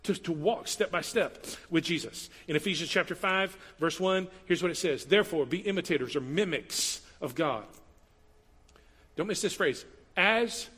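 A man preaching a sermon as pastor, animated, moving from loud emphatic passages to quiet asides. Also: on the high side, moderate pace, husky. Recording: long hall reverb.

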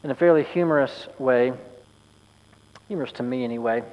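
A man preaching a sermon as pastor, earnest and measured with wry asides. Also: medium pitch, darkish tone, in a large hall, rough recording.

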